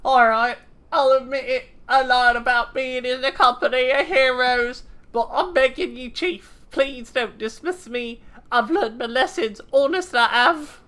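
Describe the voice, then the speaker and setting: A woman voicing a panicky lying adventurer, pleading and stammering in a deliberately silly put-on accent. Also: high voice, a bit bright, voice pushed up.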